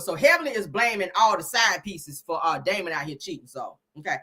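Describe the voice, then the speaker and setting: A brash woman hosting a gossip live stream, her husky voice bright and forceful, swinging up and down in lively pitch. She is profane and quick to laugh, and she keeps calling out to her viewers. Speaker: host. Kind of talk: casual gossip commentary.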